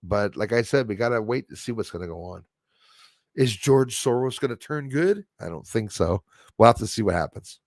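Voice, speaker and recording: A man's voice: fairly low pitch, expressive, normal speed, a little mellow, no echo, clean studio sound. A man hosting a livestream, rambling animatedly through viewer comments with many restarts and a tagged-on "eh?". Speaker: livestream host.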